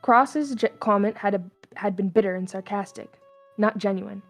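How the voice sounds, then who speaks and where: A young woman with a medium-pitched voice reads fan fiction aloud at a moderate pace, casually and without polish, stumbling, restarting, and adding laughing asides. Her mixed accent keeps drifting toward Southern US, with faint music in the background.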